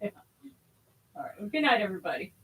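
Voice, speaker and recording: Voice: medium pitch, sing-song, fast, bright, forceful tone, slightly rough, rough recording. Livestream host, casual and rambling, hesitant, plenty of fillers. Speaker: host of a religious livestream service.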